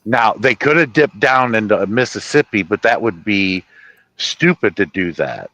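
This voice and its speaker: A man's voice: lowish voice, animated, measured pace, fairly bright tone, dry recording, poor audio. A man from Ohio chatting casually on a livestream, rambling and correcting himself as he goes. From Ohio, USA. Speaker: livestream host.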